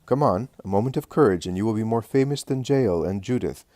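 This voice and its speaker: Guy doing a gentle serene teacher, low voice, soft and tender. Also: dry recording, clean studio sound, natural voice. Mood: earnest. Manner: calm, measured, tender. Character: gentle, serene male teacher, calm and loving.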